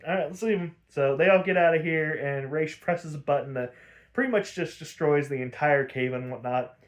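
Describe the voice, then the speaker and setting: A podcast host with a fairly high voice speaks at a moderate pace. He recaps a cartoon episode casually and crudely, laughing a lot and filling his talk with filler words.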